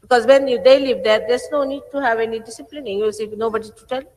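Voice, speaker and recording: A woman's voice: a little high, steady tone, fast, darkish tone. A woman in her sixties, a spiritual teacher addressing her followers in a stern, scolding manner. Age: 60s. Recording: roomy archive recording with long hall reverb.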